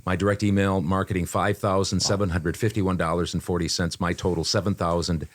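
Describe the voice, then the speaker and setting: A man's voice: sits low, flat delivery, a little fast. A man co-hosting a casual podcast, speaking in an upbeat, emphatic way. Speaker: podcast co-host, voice-over artist.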